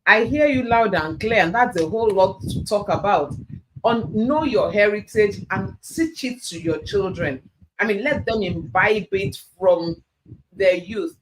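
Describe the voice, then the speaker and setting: A live-stream host in a middle pitch, warmly affirming what the guest said before steering on. There is a faint hiss behind the voice. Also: lively intonation, unhurried, poor audio. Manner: affirming, leading to the next question. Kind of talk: live-stream talk show hosting.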